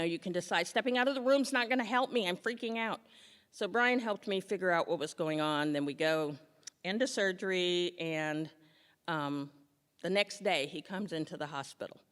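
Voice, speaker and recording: A woman telling a humorous personal story to an audience, lively and quick to act out the people in it. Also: clean tone. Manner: animated, jumps into high squeals for quoted lines. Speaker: storyteller on stage. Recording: long hall reverb.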